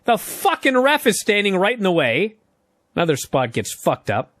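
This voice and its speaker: A man's voice: high voice, moderate pace, dry recording, clean studio sound. A man retelling a wrestling match as a comedic story, swearing freely and acting out what the wrestlers say. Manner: profane, lively play-by-play retelling with acted-out quotes.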